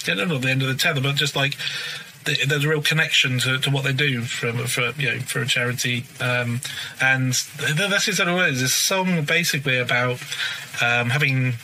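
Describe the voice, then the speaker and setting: A man, a musician guest, talking in a halting way with many fillers as he searches for words. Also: medium pitch, pushed and bright, slight background noise, low-quality recording. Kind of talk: interview talk.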